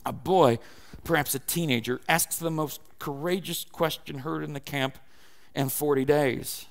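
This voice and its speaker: Male pastor, animated sermon delivery, loud to soft; gravelly, a bit high. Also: a little slow.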